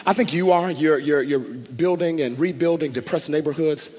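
A male pastor preaching with passion, his fairly high voice swelling into loud declarations. His words ring out with a long reverb, as in a large church sanctuary. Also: moderate pace, breathy edge. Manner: impassioned, rising to loud declarations. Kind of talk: sermon.

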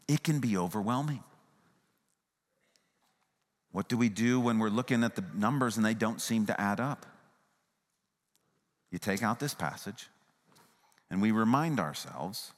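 A man preaching a sermon as pastor, swinging from raised, emphatic passages to hushed, tender ones. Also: on the low side, big-room sound.

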